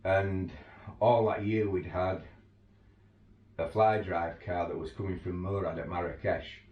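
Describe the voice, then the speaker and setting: In an unhurried, low-pitched, steady voice, a man who guides overland tours tells casual stories and laughs through them. The sound is lo-fi and roomy, captured from a distant mic with faint ambience.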